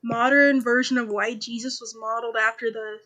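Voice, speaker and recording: A woman's voice: fairly high pitch, steady tone, a little fast, crowd noise. A young woman co-hosting a podcast in casual, slangy, joking chat. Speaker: podcast co-host.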